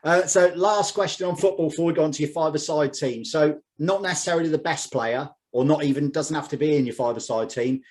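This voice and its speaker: A man from Scotland hosting a casual podcast interview, relaxed and joking. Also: fairly high pitch, brisk, hardly any pauses. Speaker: podcast host.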